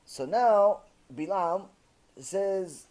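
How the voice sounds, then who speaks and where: A man's voice: high-pitched, animated, extremely slow, darkish tone. A man preaching as a rabbi, retelling a story with passion and frequent fillers. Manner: impassioned, many fillers. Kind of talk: sermon storytelling.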